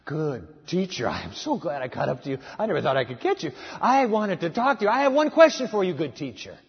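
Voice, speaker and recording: A man's voice: on the high side, sing-song, fast talker, husky, voice pushed down, full character voice. A preacher putting on a breathless eager young man. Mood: pleading. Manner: pleading, out of breath. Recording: echoey hall, dull lo-fi.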